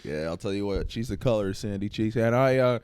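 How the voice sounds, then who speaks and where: A man trading crude jokes on a podcast, his pitch swinging up and down as he riffs. The sound is close and dry with no room around it. He talks loosely and provocatively. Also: quick pace, smooth, no room sound. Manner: lively, joking, provocative. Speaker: podcast co-host, comedian. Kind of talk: crude casual podcast banter.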